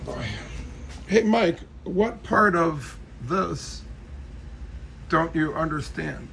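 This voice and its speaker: A man's voice: on the high side, creaky, a little hiss or hum, poor audio. A man casually giving a rambling, joking tour of his cluttered space, talking straight to a friend.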